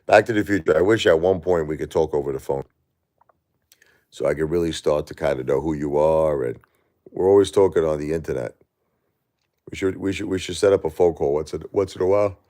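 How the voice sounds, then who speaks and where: A middle-aged man live-streaming while grieving, talking to his chat in halting, repetitive, emotional bursts. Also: rumbling low, a little mellow.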